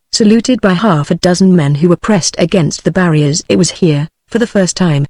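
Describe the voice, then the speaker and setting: A text-to-speech woman's voice with a British English accent, reading a novel in an even, measured way. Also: fairly low pitch, no room sound. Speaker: audiobook narrator.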